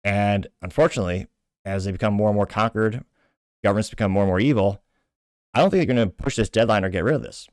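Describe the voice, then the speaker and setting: A man's voice: lowish voice, fast, a little mellow, no room sound. Indignant man ranting in dry commentary. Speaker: show host. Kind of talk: political opinion commentary.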